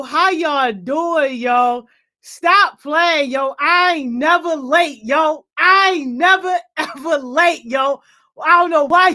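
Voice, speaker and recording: Lively high-voiced woman hosting a stream. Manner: shouted, playful greetings and slang. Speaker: host of a youth livestream. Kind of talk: energetic livestream greeting.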